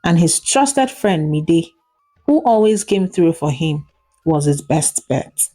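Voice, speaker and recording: A woman with a Nigerian accent narrating a folk tale as a storyteller, in measured, soft-spoken delivery. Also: low-pitched, animated, faint music behind.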